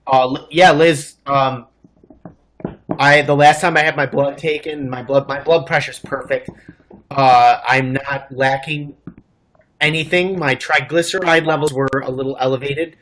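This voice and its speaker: A man's voice: mid-range voice, steady tone, unhurried, a bit bright. A man co-hosting a casual livestream, chatty and joking as he answers viewer comments. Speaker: co-host and culinary school graduate.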